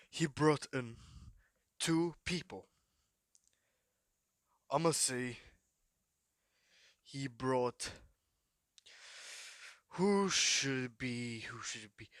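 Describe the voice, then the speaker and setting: A man's voice: fairly high pitch, a bit bright, no echo, clean studio sound. A man improvising a fan-fiction story for his channel in a rambling, hyperactive, profane way, full of fillers and asides. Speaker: YouTube storyteller.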